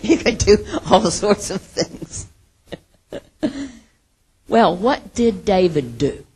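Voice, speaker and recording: A woman teaching from the Bible in a casual sermon, retelling the story with lively acted quotes and laughter. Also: medium pitch, extremely slow, breathy edge.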